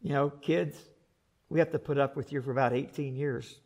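A male pastor preaching a sermon in an animated way, repeating words and adding joking asides. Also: medium pitch, moderate pace.

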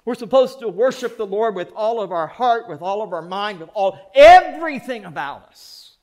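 A man's voice: high-pitched, expressive, normal speed, a little mellow. A man preaching a sermon as pastor, folksy and plain-spoken. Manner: folksy, plain-spoken, mock voices for effect.

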